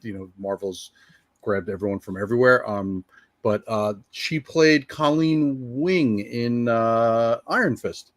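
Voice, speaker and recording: A man co-hosting a casual movie review chat, animated and quick to slip into playful mock voices. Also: medium pitch, no echo. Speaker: podcast co-host.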